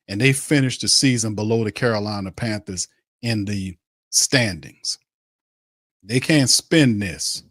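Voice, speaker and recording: A man's voice: medium pitch, a bit bright, no echo, studio quality. A man hosting a sports podcast, ranting angrily about his team and mocking its players. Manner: angry, mocking, repetitive ranting. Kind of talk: heated sports rant.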